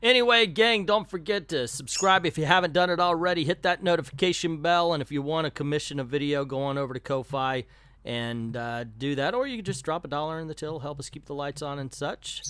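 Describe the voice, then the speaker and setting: A man's voice: fairly high pitch, fairly quick, a bit bright, clean tone, no echo. A man hosting a comic book video, chatting with viewers in an upbeat, loose way with plenty of fillers. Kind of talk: casual chat to viewers.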